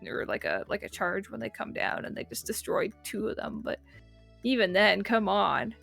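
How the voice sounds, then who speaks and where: A woman's voice: medium pitch, expressive, normal speed, vocal fry, a bit bright, faint music behind. A woman casting a live game tournament in a chatty, teasing manner. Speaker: esports commentator.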